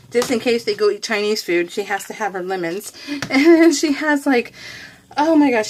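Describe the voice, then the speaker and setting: A woman vlogger telling a rambling, chatty story in a casual voice-over, often laughing and poking fun at herself. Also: fairly high pitch. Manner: self-deprecating. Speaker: craft vlogger.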